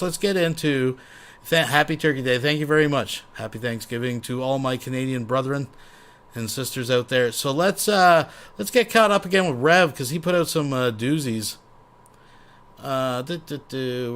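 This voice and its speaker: A man's voice: mid-range voice, fairly bright tone. Male commentary host, profane and rambling, sarcastic, medium voice. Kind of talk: casual reaction commentary.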